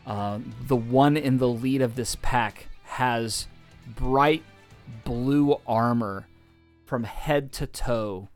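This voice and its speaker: A man narrating as game master of a tabletop game, halting with many ums and restarts. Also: mid-range voice, faint music behind.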